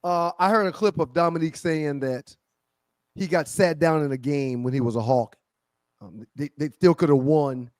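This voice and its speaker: Man, sports talk co-host, higher pitch, dry studio sound. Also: normal speed, a little mellow, dry recording.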